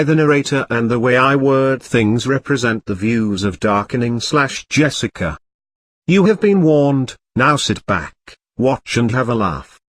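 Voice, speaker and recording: A man narrating a scripted comedy story in a flat, matter-of-fact way. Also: mid-range voice, no echo.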